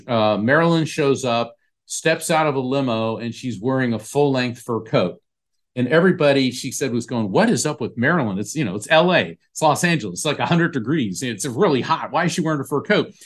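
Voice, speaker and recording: Man telling a lively anecdote. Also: medium pitch. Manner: animated storyteller acting out quoted voices. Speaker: psychic medium guest. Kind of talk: storytelling in an interview.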